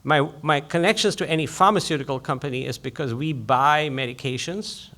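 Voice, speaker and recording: A man, a physician giving an invited public lecture, who speaks quickly and eagerly in a conversational way. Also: fairly high pitch, pushed and bright.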